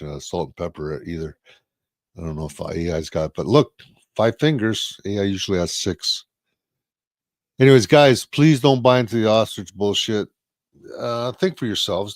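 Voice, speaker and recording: Man, lowish voice, blunt live-stream co-host, swears, rhetorical questions, dry close sound. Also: no echo. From Canada. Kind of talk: casual live-stream commentary.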